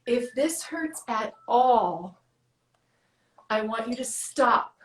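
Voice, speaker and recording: A woman fitness coach talks someone through an arm workout with brisk, encouraging step-by-step cues. She is out of breath. Her voice is high and rings in an echoey room. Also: animated. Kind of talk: guiding a workout.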